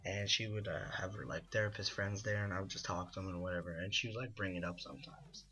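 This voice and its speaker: Young guy rambling through a story, lots of you know, low-ish bright voice, faint music behind. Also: fairly even intonation, fast. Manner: rambling, full of "you know" and "like", laughs at his own story. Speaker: gaming video host. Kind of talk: casual storytelling over gameplay.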